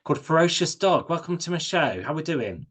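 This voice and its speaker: A man's voice: on the high side, sing-song, brisk, a bit bright, slightly rough. A man hosting a radio interview, asking questions hesitantly with lots of filler words. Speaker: radio show host.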